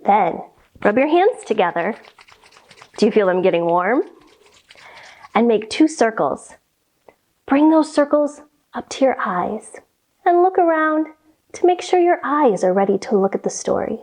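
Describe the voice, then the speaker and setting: Slow sing-song woman teaching kids' yoga. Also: fairly high pitch, very animated, darkish tone. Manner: slow, sing-song guidance with playful animal sounds. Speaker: children's yoga instructor. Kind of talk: kids' yoga and story warm-up lesson.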